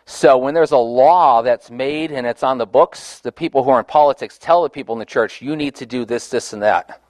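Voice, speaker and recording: A man's voice: mid-range voice, no echo. Guy leading bible study, earnest, talks it through casual, real dry sound. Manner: earnest, conversational, with restarts. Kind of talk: teaching a Bible study with discussion.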